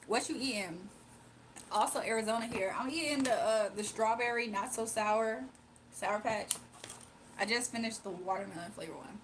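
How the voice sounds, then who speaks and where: A woman hosts a relaxed livestream, riffing on viewer comments in a loose, slangy way with frequent laughter. Her voice sits a little above the usual range. A faint hiss runs under the recording. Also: on the high side, normal speed. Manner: playful and chatty, laughing often, slangy. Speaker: livestream host. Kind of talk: casual livestream chat reading viewer comments.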